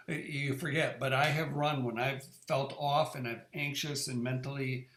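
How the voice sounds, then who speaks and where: Halting middle-aged man in an echoey room. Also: medium pitch, fairly even intonation, a bit bright. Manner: halting, repeats words and restarts often. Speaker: presenter sharing his experience. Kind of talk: casual conversational talk.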